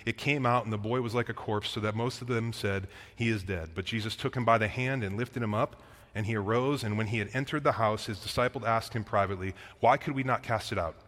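With a lowish, fairly bright voice and a brisk pace, the pastor reads scripture aloud and explains it to his congregation in a conversational sermon. Long reverb from the hall trails his words.

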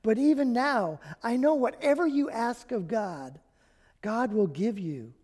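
Slow, mellow-voiced pastor in a reverberant hall. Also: medium pitch, expressive. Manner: reads scripture aloud with dramatic emphasis; personal and reflective. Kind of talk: sermon.

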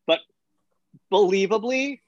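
Guy with a high voice, blunt, can't believe it, kinda lo-fi mic. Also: expressive, slow pace, dry recording. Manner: incredulous, blunt, laughing. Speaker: podcast co-host. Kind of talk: casual chat.

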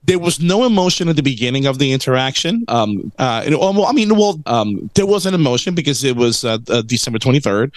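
Animated man telling a story. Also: mid-range voice, brisk, hardly any pauses, no room sound. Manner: animated storyteller, acts out quotes. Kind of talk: casual chat.

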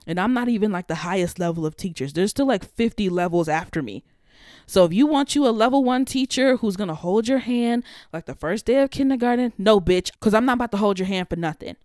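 A woman's voice: medium pitch, dry recording, studio quality. A woman hosting her own podcast, talking freestyle in a blunt, heated, profane monologue. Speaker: podcast host.

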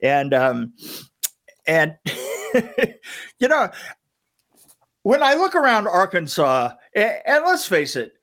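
A middle-aged man, guesting on a podcast, rambles through a casual story, stammering over restarts and laughing at himself. His high, fairly bright voice swoops wildly in pitch, moving slowly with frequent pauses.

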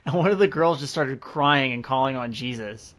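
A man's voice: medium pitch, normal speed, fairly bright tone. A man co-hosting a podcast, reading a horror story aloud and cracking crude jokes. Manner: crude, joking. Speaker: podcast co-host.

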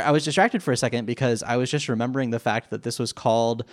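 A man co-hosting a casual podcast from his living room, chatty and quick to laugh, on a computer mic over a video call. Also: mid-range voice. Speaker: podcast co-host. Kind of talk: casual chat.

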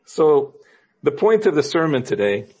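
Husky man telling church jokes from the pulpit. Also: sing-song, measured pace, darkish tone, dull audio. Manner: storytelling, acting out quoted characters with lifts in pitch. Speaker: pastor. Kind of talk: sermon with told jokes.

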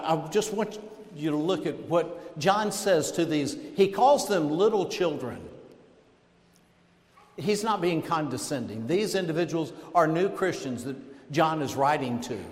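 A man preaching a sermon as pastor, emphatic, with dramatic pauses and sudden outbursts. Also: fairly high pitch, lively intonation. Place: church sanctuary. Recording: echoey hall with long reverb.

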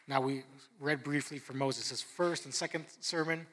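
A man preaching a sermon as pastor, earnest, dropping softer and quieter when he reads scripture. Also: mid-range voice, moderate pace.

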